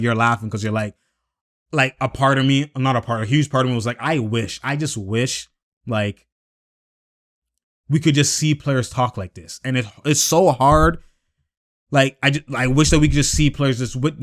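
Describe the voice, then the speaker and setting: A young man hosting casual basketball commentary on his own, talking in an animated, slangy, rambling way with lots of fillers. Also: fairly high pitch.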